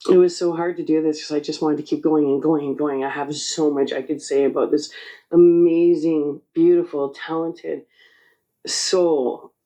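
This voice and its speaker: A woman in her forties hosting her own channel, speaking in an emotional spiritual monologue, choked up and halting. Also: deep voice, mellow, low-quality recording. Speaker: channel host.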